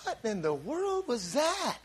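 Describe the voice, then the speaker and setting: A man preaching a sermon in an animated, exclaiming style, often restarting his sentences and breaking into shouts. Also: extremely high pitch, slow.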